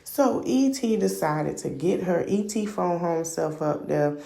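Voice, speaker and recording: A woman's voice: on the low side, expressive, measured pace, gravelly, dark tone, reverberant. A woman hosting a podcast, casually recapping a reality show in a gossipy, opinionated, slangy way. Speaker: podcast host.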